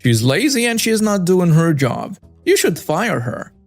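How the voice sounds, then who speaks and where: Male narrator voices entitled woman customer: shrill, high, hostile, demanding. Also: big pitch swings, unhurried, faint music behind, exaggerated voice. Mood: furious. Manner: shrieking, demanding, insulting. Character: shrill entitled woman shopper, screaming and rude.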